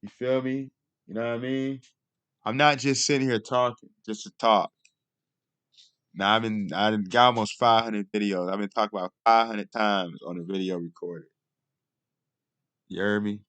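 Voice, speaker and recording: Low-voiced man rambling on a vlog. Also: fairly even intonation, moderate pace, fairly bright tone, clear, resonant tone, no echo. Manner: rambling, repeats "you know what I mean". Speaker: video host. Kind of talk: casual commentary vlog.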